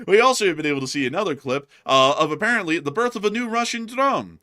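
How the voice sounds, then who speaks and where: A man's voice: a little high, rapid-fire, hardly any pauses, bright, forceful tone. A man hosting a casual war news commentary show, chatty with frequent laughs and fillers. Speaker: host.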